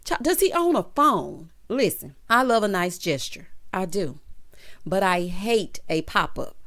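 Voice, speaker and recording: Sassy, lively woman recapping TV. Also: medium pitch, measured pace. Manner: sassy, animated, peppered with "child" and "honey". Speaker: TV recap vlogger. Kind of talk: casual TV recap commentary.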